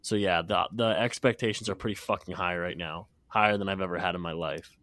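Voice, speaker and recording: A man's voice: deep voice, fairly even intonation, brisk, fairly bright tone. Nasal congested man on a podcast. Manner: blunt, swears casually. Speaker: podcast co-host. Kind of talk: casual sports chat.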